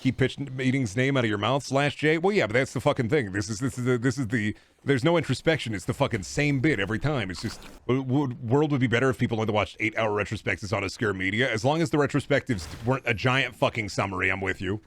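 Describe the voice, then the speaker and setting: A man's voice: mid-range voice, fast. A male streamer ranting casually, profane, rambling and self-mocking. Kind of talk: casual comedic rant on stream.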